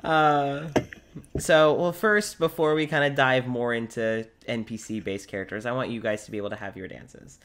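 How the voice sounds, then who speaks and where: A woman acting as game master, casually running a tabletop game and setting up the next scene in a relaxed way. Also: rumbling low, moderate pace, background noise.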